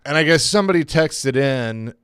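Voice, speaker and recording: A man co-hosts a sports radio show with an upbeat, brisk delivery. His voice is smooth and resonant. He is miked close in a dry studio. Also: a little high, lively intonation, fairly bright tone, dry recording. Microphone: studio microphone with headphones.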